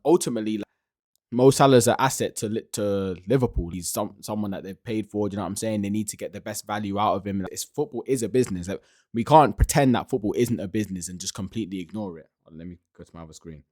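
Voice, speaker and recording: A man's voice: fairly low pitch, fast, a little mellow, dry recording, clean studio sound. A man hosting a podcast, giving casual, emphatic reaction commentary and often restarting his sentences. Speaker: podcast host reacting to a clip.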